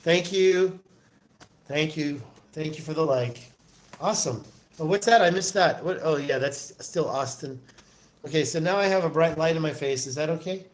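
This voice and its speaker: A man's voice: a little high, moderate pace. A man hosting a casual livestream into his phone, rambling and answering viewer comments aloud. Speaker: livestream host.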